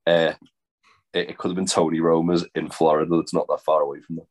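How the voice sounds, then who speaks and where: Man, podcast co-host, low deep voice, dry teasing, casual swearing. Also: flat delivery, fast talker. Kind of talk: casual banter.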